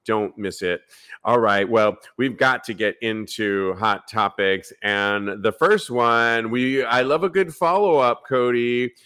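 A man's voice: mid-range voice, takes it slowly, sharp tone, clear, resonant tone. A man from San Francisco hosting a live podcast, upbeat as he reads listener emails and announcements. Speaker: podcast host.

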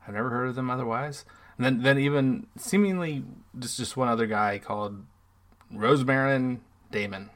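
A man's voice: mid-range voice, fairly quick, fairly bright tone. A man co-hosting a casual podcast chat, hesitant and prone to repeating words. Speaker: podcast co-host.

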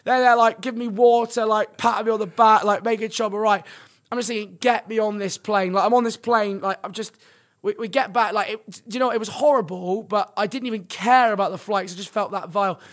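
High-voiced young man telling tales. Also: a little fast. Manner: rambling, filler-heavy, animated storytelling. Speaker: podcast guest, streamer. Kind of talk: casual storytelling chat.

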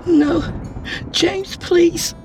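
A man's voice: extremely high pitch, steady tone, drawn-out words, over music, voice pushed up, exaggerated voice. A man voicing a wounded young woman who pleads desperately for help. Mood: pleading. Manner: begging, desperate.

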